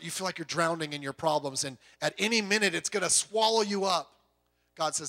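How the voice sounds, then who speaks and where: Brief: male pastor with a high, bright voice, preaching conversationally, with rhetorical questions and joking asides. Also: fast talker. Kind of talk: sermon.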